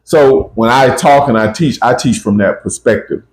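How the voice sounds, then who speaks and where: A man's voice: medium pitch, moderate pace, roomy sound, a little hiss or hum. A man hosting a casual spiritual talk, emphatic and often checking in with "right?" and "you see?". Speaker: podcast host.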